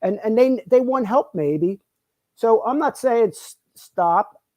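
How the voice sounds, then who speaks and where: A man with a high voice co-hosts a recovery podcast, speaking slowly and expressively, a little mellow, with no room sound. In the casual discussion he's emphatic, repeats himself to make his points, and interrupts.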